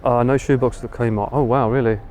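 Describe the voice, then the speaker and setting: A man's voice: medium pitch, steady tone, normal speed, darkish tone, slight background noise. Chatty Essex man streaming on the street. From England. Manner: chatty, reads and answers viewer comments while walking. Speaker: livestream host. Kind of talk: casual live-stream chat. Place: outdoors on a city street.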